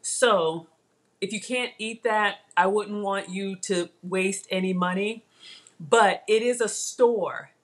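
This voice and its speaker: A woman's voice: medium pitch, slow. A woman hosting a casual live cooking stream, chatty and emotional, thanking viewers by name as she works. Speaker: cooking livestream host.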